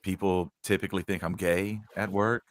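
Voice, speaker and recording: Low-voiced man telling rambling stories. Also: level tone, normal speed, slight background noise. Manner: rambling storyteller, mimics coworkers. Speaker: podcast co-host. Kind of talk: casual chat.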